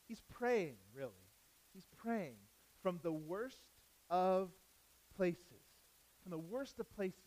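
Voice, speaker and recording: High-voiced man preaching with emphatic repetition. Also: animated, slow, rough recording. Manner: repeats key phrases for emphasis, asks the congregation rhetorical questions; swings between loud emphatic lines and soft low asides. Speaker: pastor. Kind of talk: sermon.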